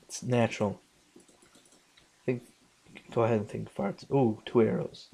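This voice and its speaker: A young man narrates his game session at an unhurried pace, muttering under his breath between outbursts. He swears freely and jumps loud when the game surprises him. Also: medium pitch, steady tone, vocal fry, husky. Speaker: gaming channel host. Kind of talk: casual let's play commentary.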